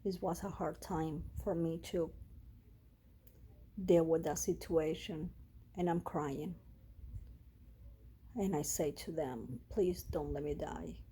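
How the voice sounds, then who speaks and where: Woman vlogger, halting emotional storytelling, slow, husky. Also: deep voice, mellow. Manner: emotional, halting, with pauses and restarts. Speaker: vlogger sharing a personal health story. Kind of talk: personal storytelling vlog.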